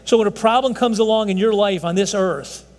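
A man in his sixties delivers a folksy sermon in a high voice. His words ring out with a long reverb, as in a large hall. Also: fairly quick, a little mellow. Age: 60s. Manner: folksy, repeats "folks, I'm telling you". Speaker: pastor.

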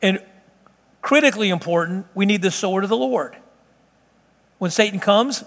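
A man's voice: high voice, moderate pace, gravelly, fairly bright tone. A man preaching a sermon from the pulpit, driving his points home with emphatic repetition. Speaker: pastor. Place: church sanctuary. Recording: long hall reverb.

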